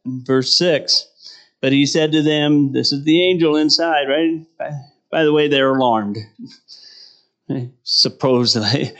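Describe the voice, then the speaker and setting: A man's voice: on the high side, a bit bright. Conversational preacher man, often laughing. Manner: conversational, keeps asking "right?", laughs often. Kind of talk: sermon.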